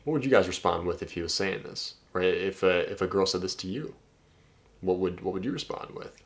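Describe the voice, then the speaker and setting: A man with a deep, low voice talks through text exchanges as a dating coach. His delivery is casual and chatty, with occasional swearing and a habit of ending points with "right?". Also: expressive, a little fast. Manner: loose and chatty, swears, keeps asking "right?". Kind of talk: casual commentary reading out texts.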